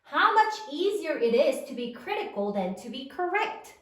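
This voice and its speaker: Brief: woman teacher, high lively voice, slow careful dictation, roomy and set back from the mic. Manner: slow, clearly enunciated word dictation. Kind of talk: spelling lesson dictation. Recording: roomy, from a distance.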